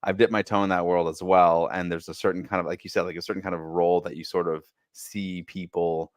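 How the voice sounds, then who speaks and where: A man's voice: low-pitched, flat delivery, fairly quick, no room sound, studio quality. A man hosting a podcast in casual interview chat, enthusiastic and stumbling over repeated words. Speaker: podcast host.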